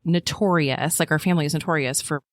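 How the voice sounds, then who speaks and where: A woman in her thirties, a podcast guest, chatting casually and telling her story with lots of fillers and animated asides. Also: fast, no room sound, studio quality. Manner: animated storyteller, acts out quotes in a high voice, many fillers. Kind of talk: casual chat.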